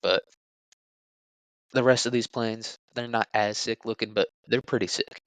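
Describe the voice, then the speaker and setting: A man's voice: fairly low pitch, fairly even intonation, a little slow, fairly bright tone, clean tone, no room sound, low-quality recording. A young man hosting a solo podcast, rambling crudely with jokes and lots of fillers. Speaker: podcast host. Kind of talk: casual solo podcast talk.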